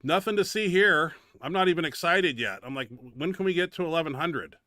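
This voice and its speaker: A man's voice: a little high, fairly quick, bright, forceful tone, no room sound, clean studio sound. A man hosting a bench press show, giving casual, blunt, profane commentary over his training footage. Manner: blunt and profane, grumbling about his own setback.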